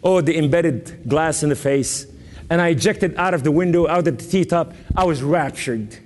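A man from Lebanon preaching an emphatic testimony sermon with sudden rises and dramatic pauses. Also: a little high, a little mellow, long reverb tail. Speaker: guest preacher.

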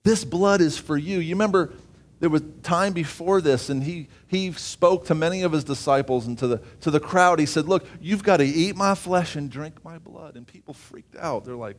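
A man preaching a sermon, reading scripture aloud with asides and often rising in pitch and volume for emphasis. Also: moderate pace.

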